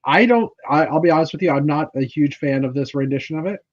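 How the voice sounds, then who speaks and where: A man's voice: fairly high pitch, fast talker, muffled recording. A man from Canada hosting a casual livestream chat, rambling with lots of fillers and restarts. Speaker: livestream host.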